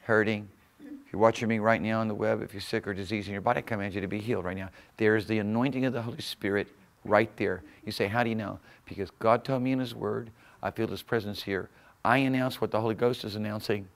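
A man with a low, gravelly voice preaches to a church congregation. He drives his points home with sudden loud surges and easy chuckles. His words carry the conviction of a seasoned pastor at the pulpit. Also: steady tone, quick pace. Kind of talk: sermon. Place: church sanctuary.

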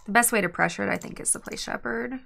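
A woman commentating her own card game play, frustrated and exasperated, sighing and swinging between muttered asides and loud outbursts. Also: on the high side, fast, creaky. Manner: frustrated, exasperated venting with sighs. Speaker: streamer drafting and playing a card game. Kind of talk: live gameplay commentary.

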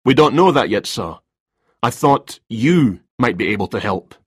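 A man's voice: mid-range voice, animated, unhurried, slightly rough, no echo, clean studio sound. A man voicing a cool, formal male police detective in a story reading, questioning in a cold, polite manner.

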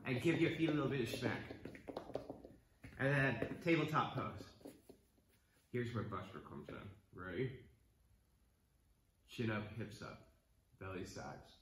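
A man's voice: mid-range voice, a little slow, long pauses, echoey room, background noise. A man leading a kids yoga class at home, encouraging and playful as he counts the breaths. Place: home room.

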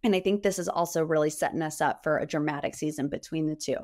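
A young adult woman hosting a podcast, recapping reality TV in a chatty, animated way full of gossipy asides. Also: sits low, fast. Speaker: podcast host. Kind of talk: casual pop-culture recap.

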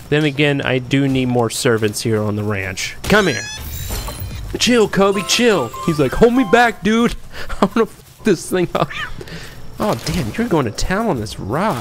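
A young man giving chatty, playful commentary as he plays a game and talks to his creatures. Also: medium pitch. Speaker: gameplay commentator. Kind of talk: casual gameplay commentary.

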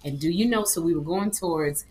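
A woman's voice: lowish voice, fairly quick, darkish tone. A middle-aged woman co-hosting a comedy livestream, telling a story with dramatic flair. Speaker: comedy show co-host. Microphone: livestream microphone.

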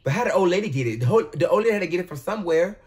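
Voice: mid-range voice, animated, very fast, darkish tone, a little hiss or hum. A reaction video host in casual commentary, exclaiming and talking back at the screen.

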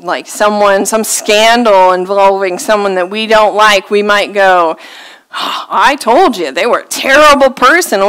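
A woman preaching a sermon with a light, her voice set a little high. She speaks slowly and clearly, with a smooth tone. She tells stories on herself and laughs at herself. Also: fairly bright tone, rough recording. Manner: storytelling, self-deprecating, laughs at herself.

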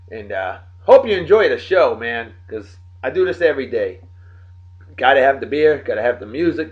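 A man hosting a daily beer and song show from home, rambling and joking as he gives birthday shout-outs to friends. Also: mid-range voice, highs cut off. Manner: rambling, jokey, talks straight to friends. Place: home in Texas.

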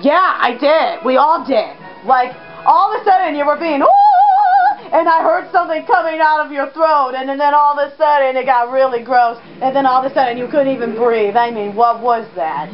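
A woman giving jumpy, excitable commentary while playing a video game. She exclaims a lot and talks to the character on screen. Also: high voice, fairly quick, hardly any pauses. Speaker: let's play gamer. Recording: dull lo-fi recording with game music.

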